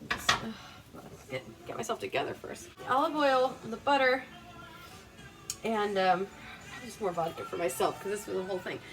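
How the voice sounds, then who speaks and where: Hosting a home cooking show from her kitchen, this young woman speaks at normal speed with long pauses, her mid-range voice expressive and a bit bright. She talks loosely and self-deprecatingly with plenty of fillers, while faint playlist music plays and the recording quality stays low.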